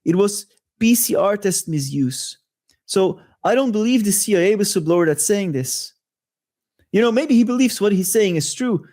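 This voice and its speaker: A man's voice: high-pitched, animated, normal speed, mellow. A man hosting a monologue-style commentary show, talking in a conspiratorial way with rhetorical asides. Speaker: host.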